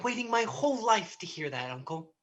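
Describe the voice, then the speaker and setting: A woman playing a kind, cheerful young nephew who speaks warmly to his uncle, in a stage play. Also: medium pitch, very animated, brisk, lo-fi sound, slight background noise, natural voice. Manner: warm, surprised, cheerful.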